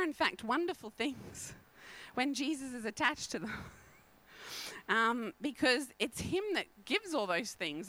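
An animated middle-aged woman, preaching a sermon and telling stories with frequent laughter. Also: fairly high pitch, poor audio. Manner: animated, laughing often, storytelling.

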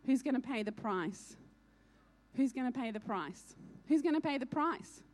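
A woman's voice: high voice, animated, moderate pace. A woman preaching a sermon, urgent and earnest, repeating key lines for emphasis.

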